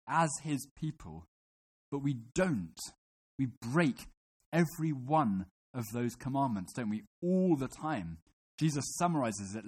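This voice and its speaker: A man's voice: mid-range voice, darkish tone. A man preaching a sermon to a congregation in a room, teaching and putting questions to his listeners.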